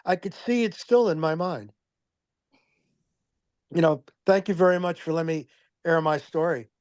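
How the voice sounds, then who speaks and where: Guy telling an old memory, pretty high voice, dry sound. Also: normal speed, darkish tone, smooth, dry recording. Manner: nostalgic. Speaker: audience member. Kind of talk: sharing a personal memory.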